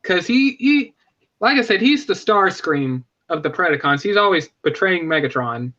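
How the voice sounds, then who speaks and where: A man's voice: high voice, animated, moderate pace, bright, forceful tone, highs cut off. A man hosting a live stream, chatting casually and enthusiastically, often correcting himself mid-sentence. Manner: rambling, self-correcting, enthusiastic. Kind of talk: casual fan chat.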